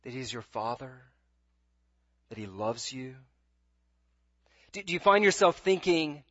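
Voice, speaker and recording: A man's voice: medium pitch, big pitch swings, unhurried, long pauses, a bit bright, dry recording. Earnest stammering male preacher, dull dry sound. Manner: earnest, pleading, with frequent stammered restarts. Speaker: pastor. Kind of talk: sermon.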